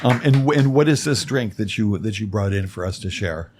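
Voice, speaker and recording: A man's voice: on the low side, animated, normal speed, over loud music. A man hosting a radio show who interviews his guest in an easygoing, playful way. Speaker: radio host. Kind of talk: casual interview. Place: radio studio.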